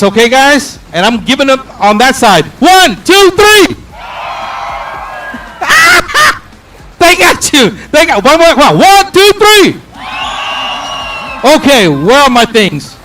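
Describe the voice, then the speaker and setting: A man with a very high, lively voice hypes up a crowd at a race, counting down for cheers. He talks slowly and leans on each word. A faint hiss sits under the handheld mic. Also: low-quality recording. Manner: energetic, counts down and calls for cheers. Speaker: crowd hype host. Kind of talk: live event crowd work.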